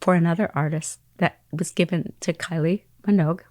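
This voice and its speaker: A woman's voice: lowish voice, fairly even intonation, brisk, darkish tone, dry recording, studio quality. A middle-aged woman telling a long story as an interview guest, acting out the people in it and sometimes dropping to a whisper. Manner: acts out quoted voices and phone calls, dropping into whispers. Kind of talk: animated storytelling.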